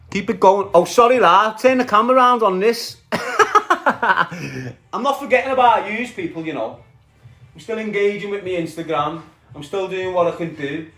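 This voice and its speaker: A man's voice: fairly high pitch, fairly bright tone. Brash Scouse man ranting on a livestream. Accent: Liverpool Scouse. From Liverpool, England. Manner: aggressive, profane, trash-talking while greeting viewers. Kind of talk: casual livestream rant.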